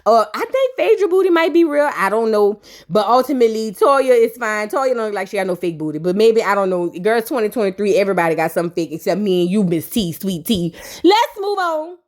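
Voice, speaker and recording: A woman's voice: mid-range voice, fast talker, few pauses. A woman giving casual, sassy and profane reaction commentary on a reality show, acting out the cast's lines as she retells them. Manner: sassy, profane, animated retelling with quoted voices. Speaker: reality TV recap host.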